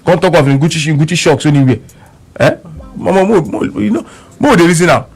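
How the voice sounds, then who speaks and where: A man's voice: fairly high pitch, animated, a little fast, slightly rough, faint music behind. A man speaking with a Nigerian Pidgin accent, telling a story on radio with emphatic repeats and quoted back-and-forth. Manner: emphatic, repeats words, quotes both sides of an argument.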